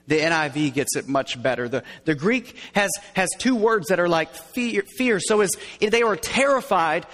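A man preaching a sermon, explaining scripture in an animated way and dropping to hushed tones as he acts out quoted lines. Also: sits high, moderate pace, few pauses, big-room sound. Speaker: pastor.

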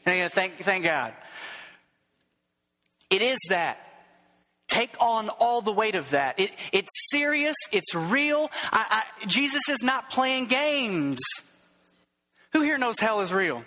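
A man's voice: high-pitched, big pitch swings, takes it slowly, pauses often, bright, forceful tone, big-room sound. A male pastor preaching a sermon, fervent and emphatic, asking rhetorical questions and repeating words.

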